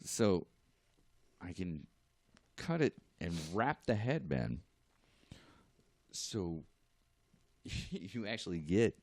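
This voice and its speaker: A man's voice: deep voice, extremely slow, pauses often, dry recording. A man, a guest artist, telling a story in casual podcast chat, laughing and acting out what others said. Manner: animated, laughing, acts out quotes.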